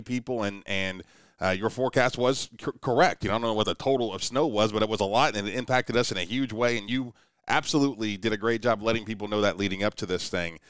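A man's voice: on the low side, a bit bright, clean tone, no room sound. A man hosting a podcast, asking long rambling questions in a casual interview. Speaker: podcast host.

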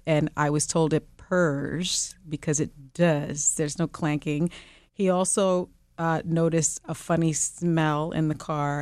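A woman guest in a casual interview, telling an animated story and laughing often. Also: deep voice, clear, resonant tone, no echo, clean studio sound.

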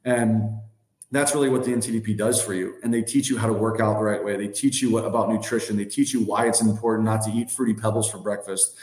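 A man's voice: lowish voice, steady tone, quick pace, darkish tone. A man in his thirties, a podcast guest, telling casual stories that ramble and lean heavily on fillers like "like" and "you know". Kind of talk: casual storytelling. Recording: roomy echoey sound.

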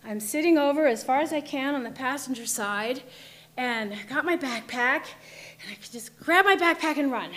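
A woman with a high, light voice tells a personal story with vivid drama. She moves from hushed tension to loud outbursts as she relives it. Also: normal speed. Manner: vivid, dramatic retelling, shifting between hushed and shouting.

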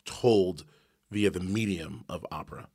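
A man working as a radio interviewer, asking measured, conversational questions. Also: low voice, gravelly, darkish tone.

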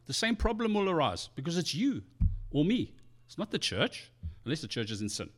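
A man preaching a sermon as pastor, passionate and animated, acting out quoted excuses from churchgoers. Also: a little high, brisk.

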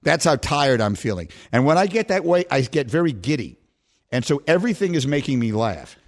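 A man's voice: mid-range voice, very animated, a little fast. A man hosting a sports radio show, tired and giddy, laughing and teasing callers.

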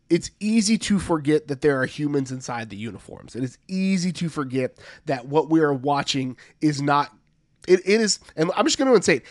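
A man's voice: a little high, no echo, studio quality. Earnest, fired-up young sports podcaster man. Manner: earnest, building to fired-up emphasis. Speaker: podcast co-host. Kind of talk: casual sports podcast chat.

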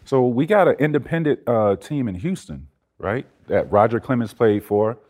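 A man in his forties, a guest in a casual interview, telling stories in a lively way with frequent laughter. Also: medium pitch, normal speed. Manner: animated, laughing storyteller.

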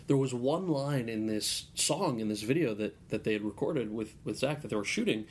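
A man's voice: medium pitch, expressive, moderate pace, a little hiss or hum. A man guesting on a casual podcast interview, telling stories in a rambling way with lots of restarts. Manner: rambling storyteller with many restarts.

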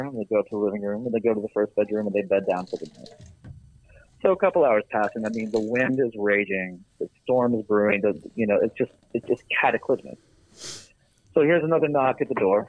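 A man's voice: mid-range voice, no echo. Man spinning a rambling joke over radio. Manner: casual, meandering, many fillers and restarts. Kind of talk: rambling shaggy-dog joke telling. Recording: tinny phone-like radio sound.

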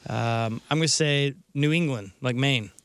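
A man's voice: medium pitch, unhurried, a bit bright, clear, resonant tone, dry recording. A man co-hosting a radio show, chiming in with short suggestions. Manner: chimes in briefly with suggestions. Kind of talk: casual radio banter.

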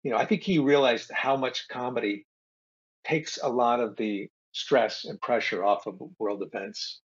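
Deadpan husky-voiced man comedian. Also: mid-range voice, a little slow. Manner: dry, deadpan joking. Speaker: comedian guest. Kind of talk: deadpan comic banter. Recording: slightly muffled audio.

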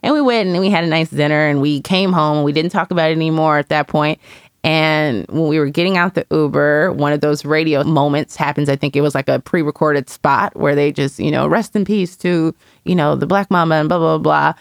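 A woman's voice: low voice, steady tone, fairly quick, no echo, clean studio sound. A woman in casual conversation, candidly and reflectively telling a personal story as a mother, with lots of "you know".

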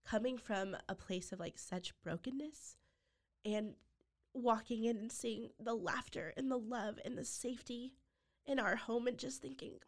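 A woman, a podcast guest and foster mother, telling a personal story with deep feeling and sometimes dropping to a near-whisper. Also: measured pace. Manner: heartfelt, drops to near-whispers when quoting others.

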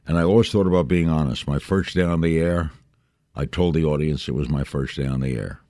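A man in his eighties from New York, a veteran broadcaster telling stories in a brisk, rambling interview chat. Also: a bass voice, dark tone, dry recording, studio quality. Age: 80s. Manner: brisk, anecdotal, jumps between thoughts.

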